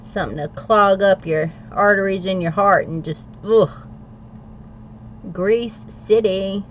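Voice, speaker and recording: A middle-aged woman, chatting casually on a livestream, playful and quick to laugh as she answers viewer comments. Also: medium pitch, slight background noise. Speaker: livestream host. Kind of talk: casual livestream chat while journaling. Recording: slightly dull lo-fi audio.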